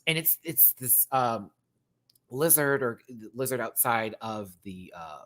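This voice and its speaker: Animated Texan man with a light twang. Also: medium pitch, slow. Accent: light Southern US twang. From Texas. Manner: animated, exclaiming, repeats words for emphasis. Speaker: drag show reviewer. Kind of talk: casual video review rant.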